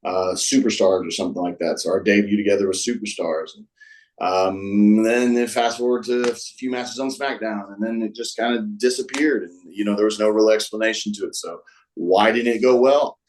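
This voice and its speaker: A man with a fairly low voice, telling stories as a guest on a show. His speech is casual and rambling. He restarts sentences often and leans on fillers like "um" and "like.". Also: steady tone, normal speed, darkish tone, a little hiss or hum, poor audio. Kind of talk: casual storytelling.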